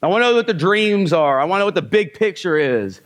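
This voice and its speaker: A male sales trainer with a slightly high voice for a man keeps a live seminar audience engaged by asking rhetorical questions, then answering with brief, punchy commands. He speaks quickly with lively intonation.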